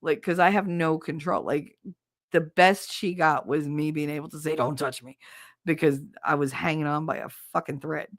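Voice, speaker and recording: Woman streamer, blunt, swears a lot, laughs often, lowish voice, dry close mic. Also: fairly even intonation, normal speed, no room sound. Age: adult with a son. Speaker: streamer and podcast host. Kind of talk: casual chat with live chat. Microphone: desk mic on a standing arm.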